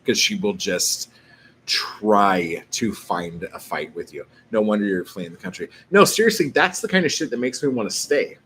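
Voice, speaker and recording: A man's voice: fairly low pitch, expressive, moderate pace, fairly bright tone, a little hiss or hum. A man vlogging casually, rambling through a story full of filler words and swearing.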